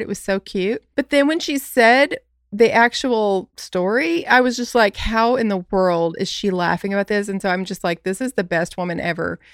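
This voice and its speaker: A woman's voice: mid-range voice, no room sound, clean studio sound. A young adult woman telling a funny story in a bubbly, giggly way, acting out the quotes. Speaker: podcast co-host. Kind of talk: casual storytelling.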